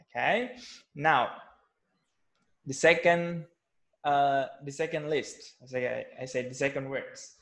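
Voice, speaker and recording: Slow, hesitant man. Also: medium pitch, steady tone, gravelly, fairly bright tone. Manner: hesitant, frequent fillers and restarts, patient. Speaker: English teacher. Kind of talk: online class teaching pronunciation.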